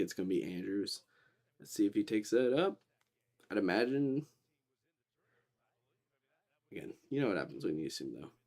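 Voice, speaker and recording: Animated young man calling a game live. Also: medium pitch. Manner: animated, talks straight at the teams in exasperation. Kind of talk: casual live play-by-play commentary.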